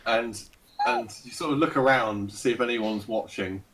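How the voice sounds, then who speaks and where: Man, dungeon master, hesitant narration, mid-pitched voice, distant mic. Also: normal speed, fairly bright tone, a little hiss or hum. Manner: hesitant, laughing often. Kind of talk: narrating a tabletop game.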